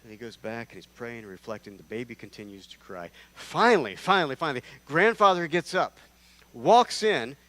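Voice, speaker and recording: A man preaching in a church, voice of middling pitch, telling stories casually and joking at his own expense. He swings from hushed, soft asides to loud, punchy bursts as he acts out the characters in his stories. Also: normal speed. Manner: animated storytelling, acting out characters with big swings in loudness; self-deprecating, conversational asides. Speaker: guest preacher. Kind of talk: sermon. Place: church sanctuary.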